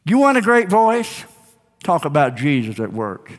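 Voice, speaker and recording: A male pastor preaching a sermon in a church, emphatic and rising to shouts, calling for responses from the congregation. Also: a little high, big pitch swings, unhurried. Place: church sanctuary. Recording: long hall reverb.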